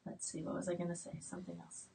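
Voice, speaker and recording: A woman in her late forties, chatting casually on a live stream and reading out viewer comments as they come in. She talks in a fairly low register, with frequent fillers and restarts. Her voice sits a little away from the mic. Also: monotone, fast talker, gravelly, mellow, recorded from a distance, low-quality recording. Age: late 40s. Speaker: homestead channel host.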